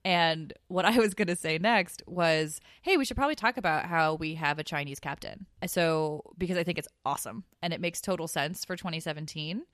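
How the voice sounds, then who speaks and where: A woman co-hosting a podcast, chatting casually and animatedly, with quick asides and laughs. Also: low voice, fairly bright tone, no room sound, clean studio sound. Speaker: podcast co-host. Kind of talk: casual chat.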